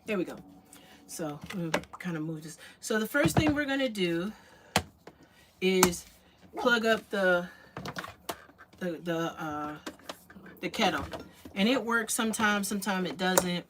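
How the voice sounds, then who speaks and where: A woman's voice: lowish voice, expressive, a little slow, long pauses. Chatty woman streaming from her kitchen. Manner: chatty, talks to viewers while making a drink. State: slightly out of breath. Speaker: vlogger. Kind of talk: casual livestream chat. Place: home kitchen. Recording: noticeable background noise.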